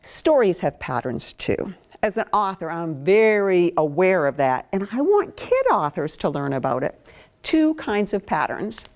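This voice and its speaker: A woman's voice: fairly low pitch, very animated, unhurried, darkish tone. A woman from Maine, a children's author, giving an interactive lesson to young children and coaxing the class to join in. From Maine, USA.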